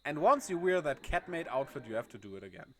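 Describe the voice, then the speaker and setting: A man's voice: a little high, big pitch swings, fast talker, a bit bright, a little hiss or hum. A man chatting casually on a game livestream, laughing often and reading chat aloud. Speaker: game streamer.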